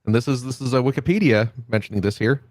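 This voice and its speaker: A man co-hosting a podcast in casual chat, dropping deadpan trivia in a mock-dignified way. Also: mid-range voice, quick pace, no room sound, studio quality. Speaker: podcast co-host.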